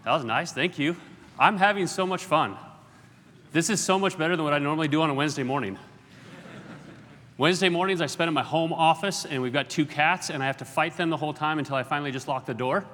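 A man's voice: a little high, quick pace, fairly bright tone. A middle-aged man preaching as a guest speaker, with jokey self-deprecating asides. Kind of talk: sermon. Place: large auditorium. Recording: long hall reverb.

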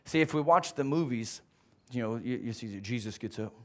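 A man preaching a sermon as pastor, animated, who keeps throwing questions out to his congregation. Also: mid-range voice, normal speed.

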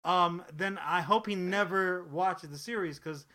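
Sharp-voiced man telling a rambling story. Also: sits high, measured pace. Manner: rambling, profane, animated storytelling with frequent restarts. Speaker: podcast co-host. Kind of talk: casual chat.

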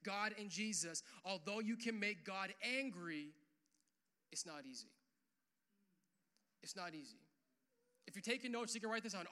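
A young pastor preaches to his church in a loose, chatty way, dropping "like" and "uh" between thoughts. His voice sits high for a man and rings very bright and forceful, rising even louder when he drives a point home. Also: unhurried. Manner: casual, animated preaching with frequent "like" and "uh"; swells louder and higher on key points. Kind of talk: sermon.

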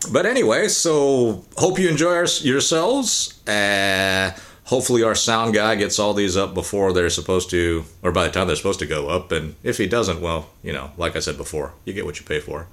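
Low-voiced man hosting a casual podcast. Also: moderate pace, few pauses. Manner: animated storyteller, acts out quotes. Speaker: podcast co-host. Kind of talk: casual chat.

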